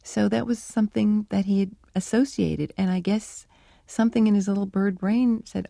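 A woman scientist answers interview questions in a reflective, storytelling way. Her voice is gravelly and mellow, and the recording is dry and close. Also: mid-range voice, fairly even intonation, moderate pace, no echo. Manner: reflective, conversational, with fillers. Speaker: animal cognition researcher, guest.

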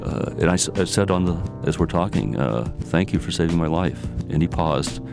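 A man's voice: low-pitched, expressive, normal speed, gravelly, music in the background. A man in his sixties telling his own story, hesitant, often restarting and repeating words. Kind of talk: personal storytelling.

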